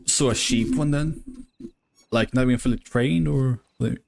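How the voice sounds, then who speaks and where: A man playing along in a western role-play game, speaking in an easygoing, drawn-out way. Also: mid-range voice, gravelly, noisy background. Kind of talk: casual in-character role-play chat.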